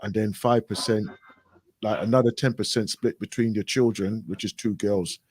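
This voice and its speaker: A man's voice: on the low side, steady tone, moderate pace, a little mellow, slightly rough. A man casually telling a story, acting out both sides of a talk and often asking "right?". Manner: repetitive, frequent "right?" and "I goes". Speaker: radio show guest.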